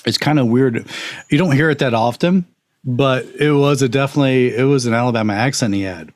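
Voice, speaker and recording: Podcast co-host: man, mid pitch, dry close sound, trivia talker. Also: brisk, dry recording. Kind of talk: casual chat.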